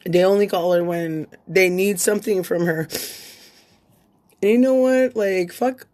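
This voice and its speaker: A woman's voice: medium pitch, steady tone, normal speed, darkish tone. A woman in her thirties, crying as she makes an emotional, rambling plea in a vlog, swearing and repeating herself. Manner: raw, repetitive, swears, rallying plea.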